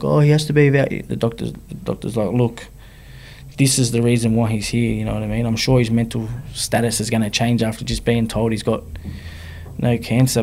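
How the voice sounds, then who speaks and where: This Australian man from Sydney speaks in a fairly low, creaky, slightly mellow voice, with a little hiss or hum in the recording. He's a rapper appearing as an interview guest, recounting his own life openly in slang and frequently asking "you know what I mean" to check in with the listener.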